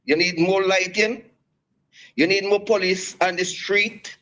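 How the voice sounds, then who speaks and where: A man's voice: high-pitched, steady tone, pushed and bright, rough recording. Rambling man calling in. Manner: rambling, halting, many restarts. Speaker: caller. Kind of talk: call-in radio talk.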